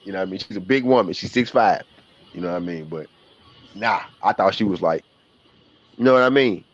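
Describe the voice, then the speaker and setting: A man's voice: low voice, brisk. Joking southern man on a dull stream. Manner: joking, trash-talking, slangy, laughs often. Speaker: streamer hosting a game watch party. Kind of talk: casual live-stream commentary.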